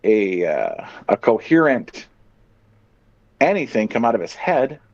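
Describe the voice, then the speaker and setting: A man's voice: lowish voice, huge pitch swings, a little slow, gravelly, no room sound, highs cut off. A man co-hosting a podcast in casual chat, riffing bluntly and profanely in a rambling way. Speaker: podcast co-host.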